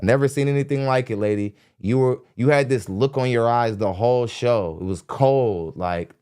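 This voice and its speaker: A man's voice: normal speed, a little mellow, clean tone. A young adult man hosting a podcast, ranting bluntly and mockingly about a dating show and laughing between jabs. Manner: mimics others in high squeaky voices. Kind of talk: ranting reaction commentary. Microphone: studio mic.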